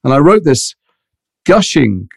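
A middle-aged actor telling animated anecdotes in an interview, acting out other people's voices. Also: male voice, fairly high pitch, measured pace, gravelly, no echo, clean studio sound. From England. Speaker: actor guest.

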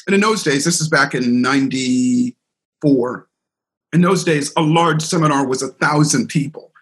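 A middle-aged man, a seminar speaker and coach, telling an animated story as a guest in a podcast interview. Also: mid-range voice, normal speed. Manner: animated storyteller, acts out quoted voices.

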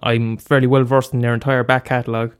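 A solo podcast host talks fast in a smooth, mid-range voice with a flat delivery. He rambles casually, cursing often and restarting himself, with lots of fillers.

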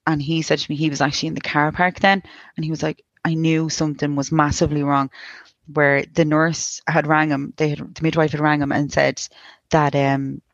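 A woman in her thirties with an Irish accent, telling a painful personal story in a halting way, full of restarts and quoted speech. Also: sits low, flat delivery, no room sound, highs cut off. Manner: halting, many restarts and likes, quoting others. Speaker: guest sharing a personal story. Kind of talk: emotional personal account.

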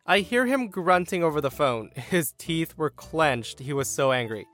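A man's voice: on the high side, expressive, moderate pace, hardly any pauses, a bit bright, soft background music. A man hosting a podcast, telling a story in a wry, theatrical way. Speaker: podcast host. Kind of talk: storytelling narration.

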